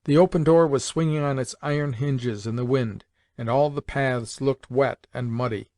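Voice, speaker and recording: A man narrates a classic novel in audiobook style. His reading is measured and even, in a middle register. The recording is dry, with little room sound. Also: mid-range voice, no room sound.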